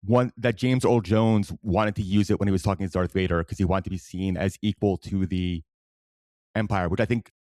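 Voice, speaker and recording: A man hosting a podcast in casual chat, thinking aloud in a quick, chatty way. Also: low-pitched, steady tone, darkish tone, dry recording, clean studio sound. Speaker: podcast host.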